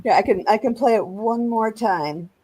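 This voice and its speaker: A woman's voice: fairly high pitch, moderate pace, warm tone. Chatty woman hosting a panel. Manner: chatty, explains at length with frequent restarts. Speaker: podcast host. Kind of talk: casual panel discussion. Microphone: video call.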